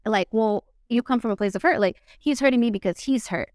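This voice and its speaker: A woman guest on a podcast, telling a personal story in a blunt, profane and animated way. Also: a little high, a little fast, dry recording, studio quality. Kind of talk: candid conversational storytelling.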